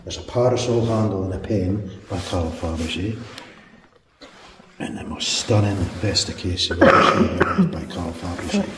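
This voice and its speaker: This deep-voiced, middle-aged Scotsman talks at a moderate pace while guiding visitors through a castle, laughing softly as he spins his casual, story-filled commentary. The sound comes from far off in a big indoor hall, echoing and noisy.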